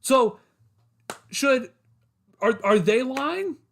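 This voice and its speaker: High-voiced man ranting about football. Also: expressive, drawn-out words, creaky, fairly bright tone. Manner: frustrated, repetitive, addresses chat as guys. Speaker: sports podcast host. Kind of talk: solo livestream sports rant.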